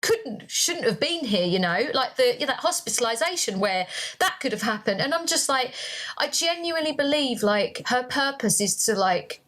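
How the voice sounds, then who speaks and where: A woman's voice: high-pitched, expressive, normal speed, fairly bright tone. A woman co-hosting a podcast, rambling through a personal story with many fillers and restarts, close to tears. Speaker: podcast co-host.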